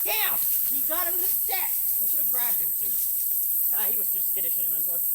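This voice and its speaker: A woman filming a vlog outdoors by a house deck on a handheld phone, excitable and swearing, talking to a snake and her cats. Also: medium pitch, normal speed, background noise. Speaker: vlogger.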